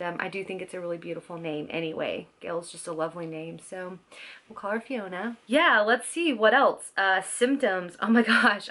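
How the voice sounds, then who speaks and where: Chatty woman vlogger, slightly low voice. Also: a bit bright. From Scottish heritage. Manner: chatty and scattered, with frequent fillers and laughs. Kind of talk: casual chat to camera.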